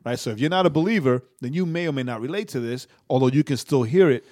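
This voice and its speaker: A man's voice: mid-range voice, quick pace, a little mellow. A young man co-hosting a casual faith podcast, rambling, stammering into restarts and tagging his sentences with "right?". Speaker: podcast co-host.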